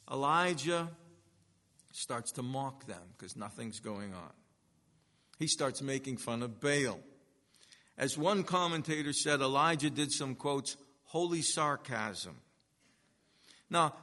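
A man preaching a sermon, swinging between loud, ringing emphasis and hushed, drawn-out phrases. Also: on the high side, in a large hall. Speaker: pastor.

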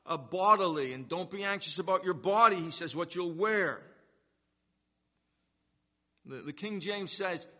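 A man preaching a sermon, earnest and emphatic, slowing down to stress key words. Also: high voice, bright, forceful tone. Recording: long reverb of a hall.

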